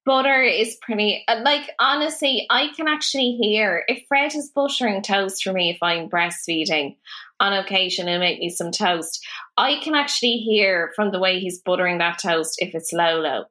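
An Irish woman in her thirties chatting easily on a podcast. Her voice is bright, with a clear forward edge, and she tells stories freely, swearing as she goes. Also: medium pitch, moderate pace. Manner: chatty, storytelling, swears casually. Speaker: podcast co-host. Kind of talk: casual chat.

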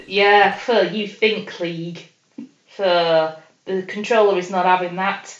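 A woman's voice: medium pitch, fairly even intonation, takes it slowly. A woman co-hosting a podcast, chatting casually about a TV episode, hesitant with many fillers and restarts. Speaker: podcast co-host. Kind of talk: casual chat reviewing a TV episode. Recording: roomy, dull lo-fi sound.

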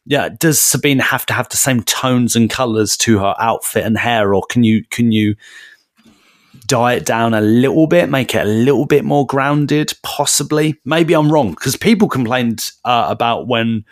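A man co-hosts a podcast in casual conversation, rambling and enthusiastic on a close mic with frequent restarts. His voice is medium in pitch at a normal speed, and the recording is dry.

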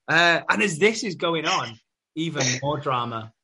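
A man's voice: on the high side, pushed and bright. Chatty man recapping a show. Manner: chatty, laughing, sweary storytelling with fillers. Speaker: podcast host. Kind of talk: casual TV episode recap.

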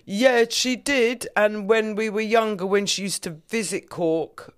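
A woman's voice: mid-range voice, fairly even intonation, unhurried, smooth. A woman comedian talking candidly as a guest in a podcast interview, with a frank, earthy sense of humour.

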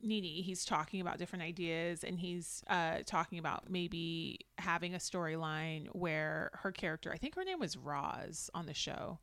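A woman co-hosting a podcast, chatting casually as she recaps a reality episode, animated and quick to laugh. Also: on the low side, no echo, clean studio sound. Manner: animated, laughs often, puts on quoted voices. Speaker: podcast co-host.

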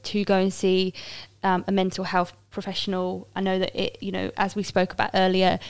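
A married woman co-hosting a podcast, speaking in a measured, advice-giving way. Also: medium pitch, clear, resonant tone, no room sound. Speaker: podcast co-host. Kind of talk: casual podcast chat.

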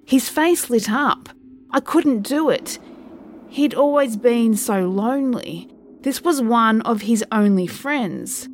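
A woman narrating a first-person horror story in a slow, measured way. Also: mid-range voice, slight background noise.

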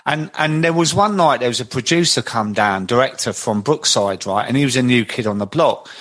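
A man's voice: medium pitch, expressive, fairly quick, a bit bright. A man hosting a podcast, telling anecdotes in a chatty way and often checking in with "right?". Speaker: podcast host. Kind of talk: candid podcast conversation.

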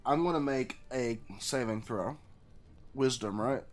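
A man's voice: medium pitch, a little slow. A man playing a tabletop game, joking around as he describes his character's actions. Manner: playful, jokey. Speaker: player.

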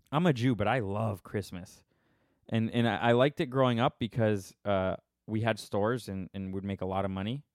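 A man's voice: medium pitch, no echo, clean studio sound. A man in his thirties hosting a podcast live stream from his phone, rambling casually in a joking, sarcastic, self-mocking way with many restarts.

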